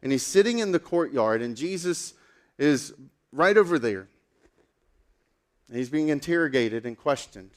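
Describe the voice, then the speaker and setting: A man preaching a sermon as a pastor, telling a story in a casual, animated way with lots of fillers. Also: fairly high pitch, moderate pace, long pauses.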